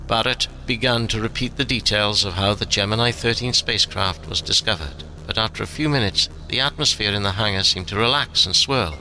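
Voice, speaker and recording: Low, very bright male narrator. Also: fairly quick, few pauses. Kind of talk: audiobook narration. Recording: soft music underneath.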